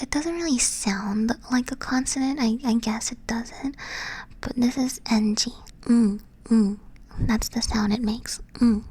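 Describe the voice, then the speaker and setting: A woman whispering softly in an ASMR stream, patiently teaching and correcting herself as she goes. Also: fairly high pitch, slightly rough, rough recording. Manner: soft unvoiced whisper, patient, self-correcting. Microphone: close ASMR microphone.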